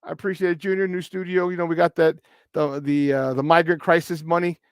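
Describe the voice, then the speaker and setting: Male sports talk host with a Chicago accent, high voice, bouncy slang-heavy delivery, dry close sound. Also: brisk, clear, resonant tone, no room sound. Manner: energetic, playful shout-outs, slangy. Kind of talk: hyped morning sports talk.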